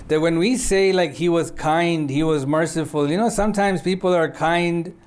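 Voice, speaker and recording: A man preaching in a relaxed, conversational way, telling a story and often pausing to check in with his listeners. His voice sits a little high for a man, and he runs through short Arabic quotations quickly before explaining them. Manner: conversational, frequent checking "yeah?" with audience; quotes Arabic passages swiftly. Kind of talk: sermon storytelling.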